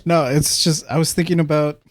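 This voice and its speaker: A man's voice: a little high, flat delivery, fairly quick. A man co-hosting a podcast in casual chat, dropping short interjections and dry wisecracks. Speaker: podcast co-host.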